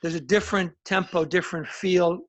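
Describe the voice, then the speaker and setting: A man's voice: high voice, steady tone, brisk. A middle-aged musician from New Jersey and Alabama, telling rambling anecdotes in a casual interview and acting out the voices of people he quotes. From northern New Jersey and Alabama. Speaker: musician guest.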